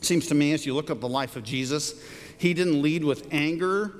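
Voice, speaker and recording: A middle-aged male pastor preaching in a church sanctuary, his voice sitting high for a man. He tells stories in an animated way and climbs up sharply whenever he quotes someone. The sound carries a long, ringing reverb from the hall. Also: moderate pace. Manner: animated storyteller, rises high for quoted lines. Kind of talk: sermon with storytelling.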